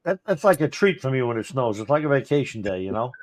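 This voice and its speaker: A man's voice: medium pitch, sing-song, quick pace. A man, a fire chief co-hosting a podcast, chatting casually and rambling through stories while acting out what people said. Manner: rambling storyteller who acts out quotes. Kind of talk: casual chat.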